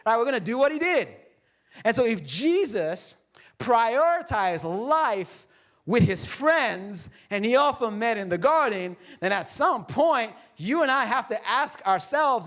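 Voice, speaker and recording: A man's voice: extremely high pitch, expressive, unhurried, a bit bright. A young adult man preaching a sermon as pastor in a church, playful and jokey, acting out other people's voices. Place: church sanctuary.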